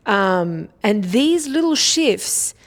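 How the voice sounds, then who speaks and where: A woman's voice: mid-range voice, sing-song, very slow. Casual woman giving advice. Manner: casual, swears freely, frequent "okay?" check-ins. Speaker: podcast host. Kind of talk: solo podcast monologue, self-help advice.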